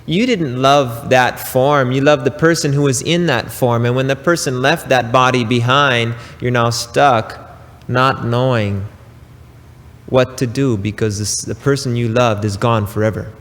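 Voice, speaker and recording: Slow, emphatic male spiritual teacher. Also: mid-range voice, fairly even intonation, a bit bright, big-room sound. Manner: slow, emphatic preaching with long pauses and asides. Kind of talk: recorded spiritual talk.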